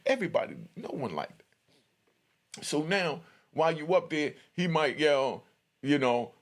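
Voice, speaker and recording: Gravelly, husky-voiced middle-aged man storyteller. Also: on the high side, animated, moderate pace, a bit bright. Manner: loose street talk full of "you know" fillers. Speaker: prison storyteller. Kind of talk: casual spoken storytelling.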